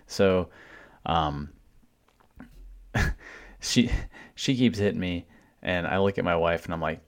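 A man's voice: low voice, takes it slowly, pauses often. A man co-hosting a podcast, telling a concert story in a blunt, casual way and swearing freely. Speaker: podcast co-host.

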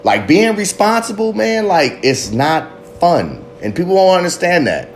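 A man's voice: high voice, big pitch swings, a little slow, slight background noise. A man giving a fiery, profanity-laced motivational monologue about addiction and recovery. He rambles, goes off on tangents and speaks with raw passion.

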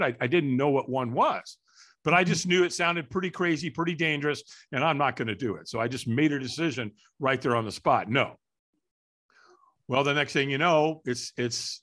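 A middle-aged man telling a story as an interview guest, lively and acting out the voices of people in it. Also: mid-range voice. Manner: animated, acts out voices in his story. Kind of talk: storytelling in conversation.

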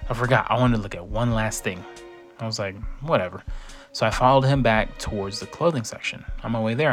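A young man spins a first-person story in a relaxed, conversational voice of middle pitch, lifting and dropping it as he acts out what people said. Soft music plays faintly underneath. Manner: casual, conversational with dramatic quoted asides.

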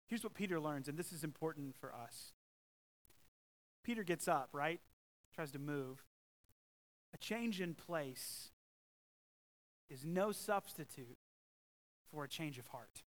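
A man preaching a sermon as pastor, emphatic and swinging from loud, stressed lines to hushed ones. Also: fairly high pitch, unhurried, pauses often, low-quality recording.

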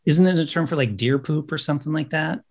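A man's voice: on the high side, fast. Male American podcast host, playful, bantering. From United States. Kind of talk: casual podcast chat.

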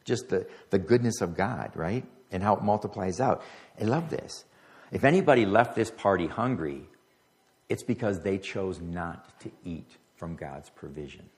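A man's voice: low voice, lively intonation, moderate pace. A middle-aged man preaching a sermon as pastor, talking conversationally and stumbling over words at times. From United States.

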